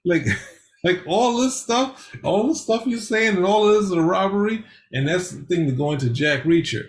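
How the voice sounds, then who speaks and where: A man's voice: high voice, animated, moderate pace. A man co-hosting a podcast, rambling in casual chat with many hesitations. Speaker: podcast co-host.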